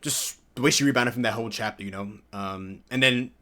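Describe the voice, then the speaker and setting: A man in his early twenties giving a casual, excitable video review, full of slang and sudden high-pitched exclamations. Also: a little fast. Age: early 20s. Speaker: TV show reviewer.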